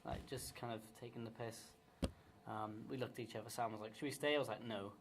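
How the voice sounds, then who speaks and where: A young man co-hosting a podcast in casual chat, chatty and quick to swear and laugh. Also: medium pitch, level tone. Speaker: podcast co-host. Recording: faint background noise.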